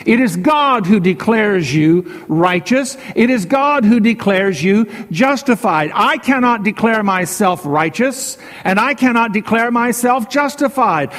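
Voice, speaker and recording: Speaking in a high, fairly bright voice, a pastor gives a measured sermon, slowing down on emphatic phrases and repeating important lines. His voice echoes with a long reverb, like he's addressing a large hall.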